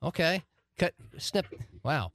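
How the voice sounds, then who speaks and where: A man's voice: on the high side, expressive, slow, a bit bright, dry recording. A man who works as a sports radio host, chatting casually on a podcast. He chimes in with facts and often trails off mid-sentence. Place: podcast studio.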